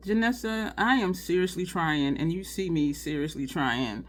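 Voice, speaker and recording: A beauty vlogger chats casually through a makeup tutorial, sounding frustrated and apologetic as she rambles, sighs, repeats herself and restarts often. Her voice is fairly low, at a moderate pace with hardly any pauses.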